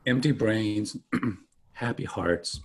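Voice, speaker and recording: A man's voice: on the low side, very slow, breathy edge. A man, a pastor, preaching a conversational sermon and asking his listeners questions. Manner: conversational, asks the listeners questions, some restarts.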